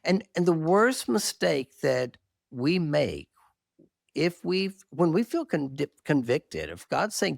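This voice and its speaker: A man's voice: a little high, slow pace, creaky, no echo, clean studio sound. A middle-aged man, a marriage therapist, telling his story candidly and earnestly in an interview, with self-deprecating humor. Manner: animated, earnest testimony with self-deprecating laughs.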